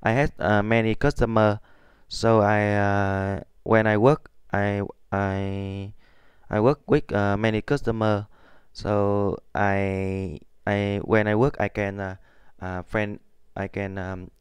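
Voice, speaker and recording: A man's voice: fairly low pitch, level tone, takes it slowly, smooth, dry recording. A Vietnamese man speaking English with a Vietnamese accent, hesitant and full of fillers as he practices. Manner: hesitant, many fillers and restarts. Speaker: student.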